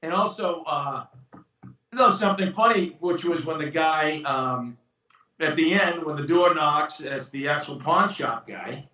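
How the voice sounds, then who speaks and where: A man's voice: on the high side, unhurried. A man being interviewed about his screenwriting, telling stories casually and acting out the voices of the people in them. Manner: animated storyteller, acts out quoted voices. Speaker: screenwriter and producer guest. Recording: roomy, distant from the mic.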